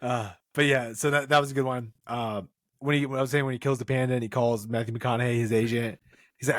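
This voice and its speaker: A man's voice: medium pitch, steady tone, quick pace, a bit bright, dry recording, studio quality. A man co-hosting a podcast, recapping a comedy film in casual chat and laughing often. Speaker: podcast co-host.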